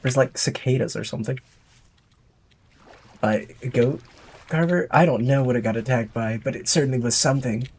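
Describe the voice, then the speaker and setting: A man's voice: medium pitch, normal speed, pauses often, darkish tone, breathy edge. A man streaming a survival game, rambling to himself and his chat as he explores. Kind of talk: casual gameplay commentary.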